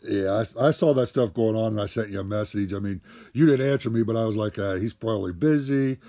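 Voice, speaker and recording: Ohio dude hosting his stream, low mellow voice, jokes around with the guests. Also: fairly quick. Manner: joking, teasing host. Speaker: streamer, truck driver. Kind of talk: live stream chat.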